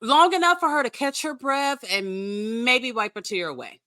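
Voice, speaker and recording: A woman's voice: a little high, lively intonation, moderate pace, sharp tone, no room sound, clean studio sound. A woman guest on a casual podcast, reacting bluntly and emphatically, sometimes swearing. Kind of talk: casual chat.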